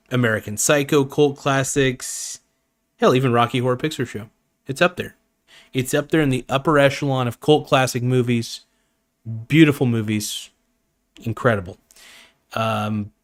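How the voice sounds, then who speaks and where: A man's voice: mid-range voice, fairly bright tone. A man hosting a live stream, chatting casually in an enthusiastic, rambling and jokey way.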